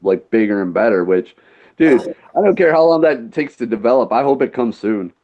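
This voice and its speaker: A man's voice: medium pitch, animated, normal speed, mellow, dull audio. A man co-hosting a casual podcast, rambling about games with many fillers and restarts. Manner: rambling, filler-heavy, searching for words. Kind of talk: casual chat.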